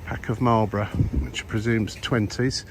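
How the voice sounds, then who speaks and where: An older man with a husky voice from a cold, walking outdoors and commenting wryly on the sights, with many uhs. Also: on the low side, normal speed, noisy background. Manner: rambling, wry, many ums and uhs. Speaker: vlogger. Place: outdoors in an old town street.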